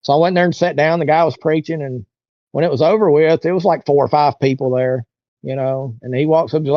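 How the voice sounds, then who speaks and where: Male interview guest, casual rambling storyteller, slightly high voice, dry muffled sound. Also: fairly even intonation, quick pace, dry recording. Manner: rambling, colloquial, acts out others' lines.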